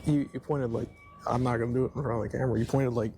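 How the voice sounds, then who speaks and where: A man's voice: medium pitch, fairly even intonation, rapid-fire. A man co-hosting a podcast, chatting casually outdoors in a mild, dry, understated way. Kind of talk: casual chat. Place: outdoors, walking along streets. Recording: noisy outdoor recording with traffic.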